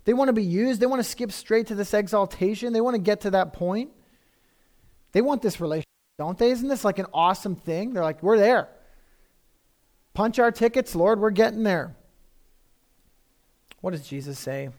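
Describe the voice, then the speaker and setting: A man's voice: high voice, lively intonation, a little fast, darkish tone. A man preaching a sermon in a conversational, emphatic way, often repeating phrases for effect.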